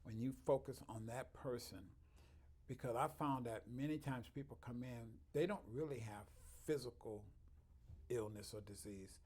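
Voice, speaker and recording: A man's voice: medium pitch, moderate pace, darkish tone, husky. A man, a chiropractor, talking earnestly in an interview, telling heartfelt stories and quoting the people he has met. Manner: earnest, heartfelt, often quoting others, laughing at his own stories. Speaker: chiropractor, guest. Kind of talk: conversational interview storytelling.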